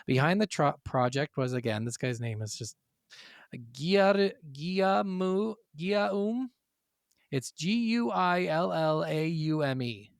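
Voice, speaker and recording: A man's voice: a little high, normal speed, vocal fry, hardly any pauses, no room sound, studio quality. A man co-hosting a gaming podcast, reading from notes, then riffing casually with swearing and stumbling over foreign names. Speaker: podcast co-host.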